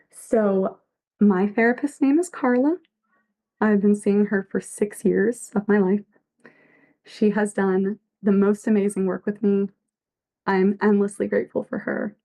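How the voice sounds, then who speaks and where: A woman's voice: mid-range voice, steady tone, measured pace, warm tone. A woman giving casual livestream commentary as a fanfic author, earnest and reflective, reading chat messages aloud.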